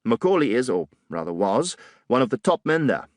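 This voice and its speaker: A man's voice: medium pitch, very animated, normal speed, dry recording, studio quality, close to an everyday voice. A man voicing a pompous, condescending colonial police officer in an audiobook, with a drawling, superior manner. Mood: sneering.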